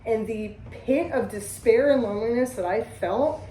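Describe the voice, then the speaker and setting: A woman's voice: on the high side, moderate pace, mellow, far from the mic, a little hiss or hum. A woman hosting a recovery group talk, speaking bluntly and emphatically with heavy swearing. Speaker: host. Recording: echoey room.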